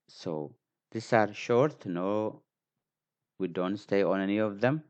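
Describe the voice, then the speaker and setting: Slow, very deep-voiced man teaching. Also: darkish tone. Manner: patient, repeats example words, frequent fillers. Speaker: language teacher. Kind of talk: slow spoken lesson. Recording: dull lo-fi recording.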